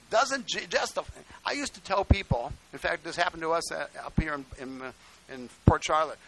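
Older man, pastor, folksy sermon storyteller, bright forceful tone, faint hiss on the tape. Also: moderate pace, rough recording. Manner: folksy storytelling preaching, swinging from low asides to loud exclamations.

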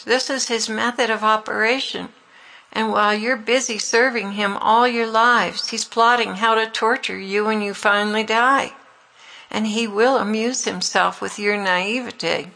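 A woman ministry leader speaks to her followers in a sermon-like message, earnest and pleading. Her voice is bright and forward, with a gravelly fry at the ends of phrases. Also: mid-range voice, poor audio.

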